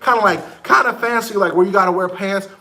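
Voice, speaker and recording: A man in his thirties telling casual stories, animated, acting out other people's lines. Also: high-pitched, brisk, echoey room, slight background noise. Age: 30s. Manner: animated, quoting people in raised voices. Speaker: vlogger. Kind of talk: casual storytelling.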